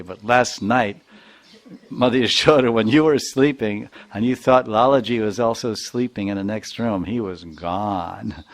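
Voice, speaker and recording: A man, a spiritual teacher, narrating a devotional story in an animated lecture. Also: fairly low pitch.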